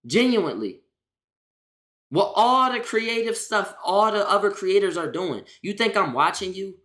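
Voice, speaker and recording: A woman's voice: medium pitch, big pitch swings, measured pace, a bit bright. A woman streamer talks straight to her chat in a loose, slangy rant. She is exasperated and keeps circling back to the same points.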